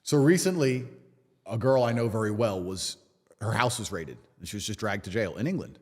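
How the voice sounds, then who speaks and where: A man's voice: fairly low pitch, expressive, moderate pace, long reverb tail. A man in a casual podcast conversation, talking in a defiant, emphatic way and swearing freely. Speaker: podcast guest.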